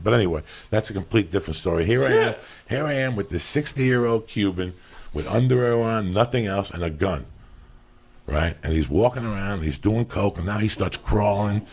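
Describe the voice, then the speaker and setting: A man in his fifties, a comedian telling stories as a podcast guest, with a raspy voice, heavy cursing and explosive rants. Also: on the low side, darkish tone. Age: 50s. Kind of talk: profane storytelling rant.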